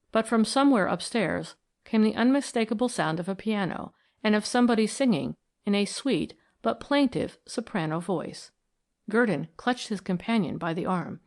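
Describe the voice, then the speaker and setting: A woman narrating a classic mystery audiobook in an even, deliberate reading. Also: mid-range voice.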